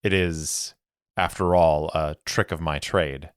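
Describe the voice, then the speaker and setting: Cool, guarded woman spy in a tabletop story, voiced lightly by a man, unhurried and low. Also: fairly even intonation, smooth, no room sound, clean studio sound. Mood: cool, cryptic.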